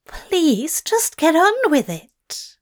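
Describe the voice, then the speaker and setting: A woman's voice: very high voice, big pitch swings, very slow, voice pushed up, heavily acted. Woman doing a flustered, whiny male angel. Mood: mortified pleading. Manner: hoarse, whiny and pleading. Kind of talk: narrated fan-fiction reading.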